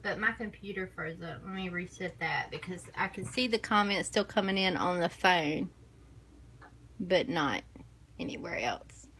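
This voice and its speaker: A woman's voice: on the low side, moderate pace, fairly bright tone, slight background noise, poor audio. A woman with a Southern US accent chatting casually on a live stream, laughing often and teasing. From American South.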